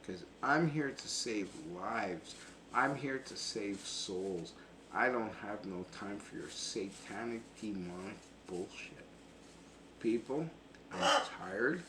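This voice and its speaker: A man's voice: fairly low pitch, animated, slow. A man, a self-styled preacher vlogger, boasting, taunting and swearing in a profane, confrontational rant. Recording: noisy background ambience.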